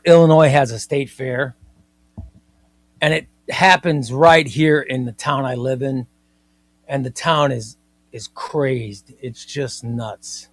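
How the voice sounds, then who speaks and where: A man hosting a comics live stream, chatting in an excitable, rambling way and often repeating himself. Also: a little high, no echo. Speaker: comics livestream host. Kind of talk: casual live-stream chat.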